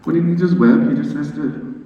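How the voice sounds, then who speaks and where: A man performs stand-up on a club stage, his voice a touch high and delivered with playful, self-mocking energy. The sound is captured from some distance in a roomy, echoing space, slightly dull, with an audience laughing around him. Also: a little fast, dark tone, a little hiss or hum. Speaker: stand-up comedian. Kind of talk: stand-up comedy set. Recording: echoey club recording from afar, crowd laughter.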